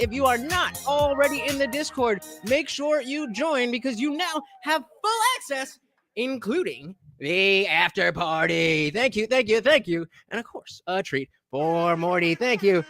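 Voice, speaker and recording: A man live streaming, chatting casually with his audience, hyped and shouty, profane, dropping to mumbled asides. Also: high-pitched, expressive, unhurried, faint music behind.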